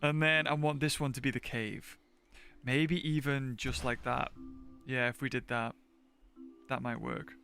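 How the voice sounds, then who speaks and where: A man's voice: medium pitch, fairly even intonation, unhurried, gravelly, long pauses, bright, forceful tone, soft background music. A man chatting casually while streaming gameplay, thinking aloud, laughing often and talking to his chat. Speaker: game streamer. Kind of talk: casual livestream gameplay commentary.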